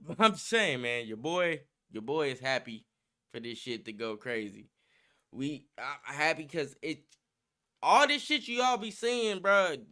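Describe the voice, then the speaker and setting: A man's voice: a little high, pushed and bright. A young man hosting a livestream in casual, slangy, profane chat, hyped up and laughing often. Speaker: livestream host.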